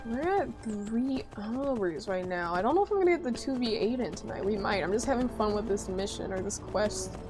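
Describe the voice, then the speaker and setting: A woman's voice: medium pitch, lively intonation, moderate pace, hardly any pauses. A woman livestreaming a game, chatting casually and teasing her viewers playfully. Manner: playful teasing, banter with chat. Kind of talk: casual livestream chat while gaming. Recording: game music under the voice. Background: game music.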